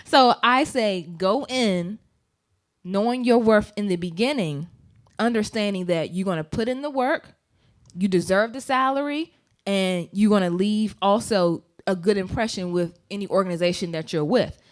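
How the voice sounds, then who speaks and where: A woman's voice: mid-range voice, moderate pace. A woman co-hosting a casual podcast, talking emphatically and giving advice through anecdotes. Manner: mimics voices when quoting people. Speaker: podcast co-host.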